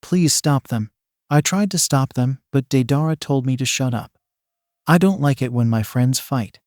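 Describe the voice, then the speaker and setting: A man's voice: mid-range voice, normal speed, a little mellow, dry recording, studio quality, close to an everyday voice. A man voicing a goofy, timid masked teenage boy who whines and pleads. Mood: whiny. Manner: whiny, pleading.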